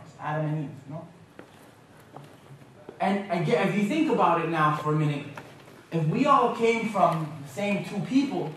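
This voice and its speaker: A man from Canada giving a humorous, lively lecture at a university, with playful impressions of accents. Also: on the high side, slight background noise. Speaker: guest speaker. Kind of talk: lecture with jokes. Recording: echoey hall, mic from a distance.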